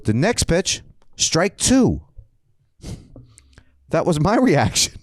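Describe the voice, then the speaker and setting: A middle-aged man co-hosts a casual podcast and tells a story with a lot of life in it. His voice sits a little high and swings around a lot, and it rises when he relives getting angry. The sound is close and dry, with no room in it. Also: moderate pace, dry recording. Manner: animated storyteller, laughs often, voice climbs when recounting anger. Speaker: podcast co-host.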